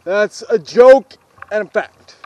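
A high-pitched teenage boy vlogging on a walk outside. He jokes around and talks straight to his viewers in a loose, chatty way. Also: slow, a little mellow, no room sound, muffled recording. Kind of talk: casual walking vlog. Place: outdoors on a road.

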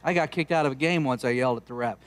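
A middle-aged man preaching a sermon, earnest and exhorting, slowing down to stress key lines. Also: medium pitch. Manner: earnest, exhorting, slows down for emphasis. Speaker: pastor.

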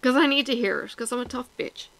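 A vlogger speaks fast in a high-ish, gravelly, fairly bright voice, talking frankly and bluntly to her viewers while teary and sniffling. She's self-mocking, swearing and laughing, and the recording is rough.

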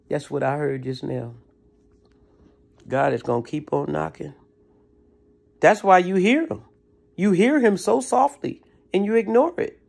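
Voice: medium pitch, vocal fry, a little mellow, husky. A motivational speaker who talks in an emphatic, preachy way with casual slang. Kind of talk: motivational talk.

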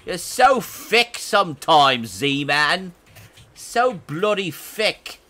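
Rough British bloke with an exaggerated put-on accent, slow and mocking, as a man hams it up. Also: high-pitched, very animated, pushed and bright, voice pushed up, full character voice.

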